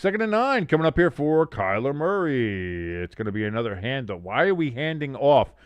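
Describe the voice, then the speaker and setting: A man's voice: mid-range voice, big pitch swings, moderate pace, clear, resonant tone, dry recording, highs cut off. A man in his thirties streaming a watch-along, calling the plays himself, reading chat aloud and swearing freely when his team stumbles. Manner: profane, exasperated, swearing freely. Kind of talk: live play-by-play commentary with chat reading.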